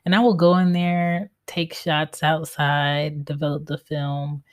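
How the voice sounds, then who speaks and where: A woman with a low voice hosts a solo podcast from home, talking in a casual, candid way. She is blunt and swears freely as she talks through her own stubborn streak. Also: level tone, measured pace. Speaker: podcast host.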